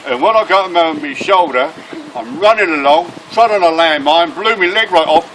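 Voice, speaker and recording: A man voicing a loud, blustering wounded soldier telling his war story. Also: a little high, expressive, fairly quick. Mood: boastful. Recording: noisy room.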